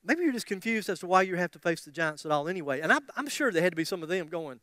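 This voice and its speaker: A man's voice: sits high, big pitch swings, fast talker, hardly any pauses, sharp tone, no echo, studio quality. A man in his fifties preaching a sermon with passion, repeating his phrases and dropping joking asides to the congregation. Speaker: pastor.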